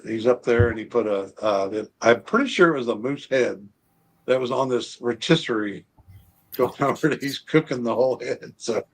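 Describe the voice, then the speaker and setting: A man from Alaska, a guest on a casual chat show, telling self-deprecating stories and laughing often. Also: mid-range voice.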